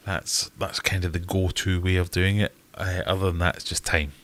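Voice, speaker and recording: A man's voice: low-pitched, flat delivery, moderate pace, fairly bright tone. A man with a Glaswegian accent hosting a casual live-stream Q&A, chatty and jokey as he answers viewers. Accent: Scottish, Glaswegian. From Scotland. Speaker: host.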